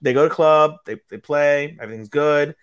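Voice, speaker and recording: Animated man retelling an anime plot. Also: a little high, clear, resonant tone, no room sound. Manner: animated retelling, acting out character lines with quick voice jumps. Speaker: podcast co-host. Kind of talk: casual anime recap chat.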